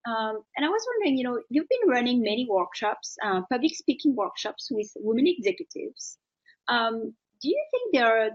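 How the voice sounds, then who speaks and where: A woman's voice: fairly high pitch, husky, dull audio. A woman from France with a strong French accent, hosting a live online interview in a chatty way with many fillers. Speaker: host.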